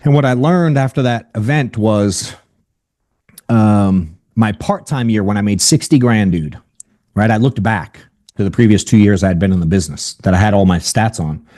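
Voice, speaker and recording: A man giving a casual, energetic sales training over a video call. He talks bluntly and keeps asking "right?" and saying "dude.". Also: on the low side, normal speed. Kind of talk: casual motivational training talk.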